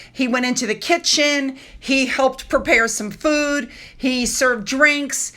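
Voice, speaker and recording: A woman with a high voice chats casually to her viewers in a gossipy vlog. She talks in a friendly, chatty way and keeps breaking off to speak to the audience directly. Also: sharp tone. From United States. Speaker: royal news vlogger. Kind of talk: casual chat.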